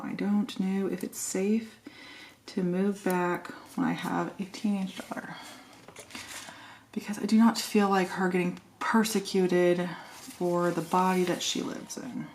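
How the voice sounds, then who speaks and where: A woman's voice: medium pitch, slight background noise. A woman chatting casually and thinking aloud while decorating a planner, joking at her own expense. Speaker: planner vlogger.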